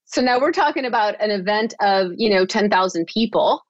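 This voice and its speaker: A woman tells her own story as a podcast guest, with animated delivery and frequent laughs. She often repeats words as she restarts a thought. Her voice comes through a dull, lo-fi recording that sounds dry and close. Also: medium pitch, fairly quick, dry recording. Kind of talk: personal storytelling in an interview.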